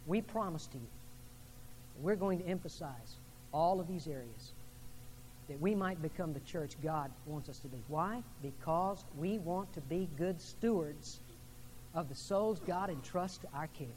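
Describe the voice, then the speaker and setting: A man's voice: fairly high pitch, a little slow, darkish tone, big-room sound, slight background noise, rough recording. A man preaching a sermon to his congregation in a church, building emphasis through a string of questions. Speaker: pastor. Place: church sanctuary.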